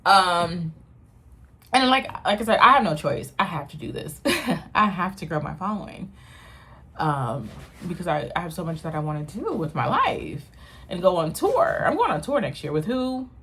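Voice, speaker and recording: A woman comedian talks straight to her camera from her apartment, rambling, self-mocking and laughing often. Her voice sits somewhat low for a woman. The delivery is loose and conversational. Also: big pitch swings, normal speed, a bit bright, a little hiss or hum. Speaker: stand-up comedian. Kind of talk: casual talk to camera. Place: home in New York without central air.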